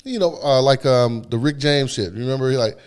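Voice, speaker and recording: Male co-host, mid-pitched, slangy and profane, easygoing chatter. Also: fairly quick, darkish tone, clear, resonant tone. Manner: loose, slangy, profane, laughs easily. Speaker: podcast co-host. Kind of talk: casual chat.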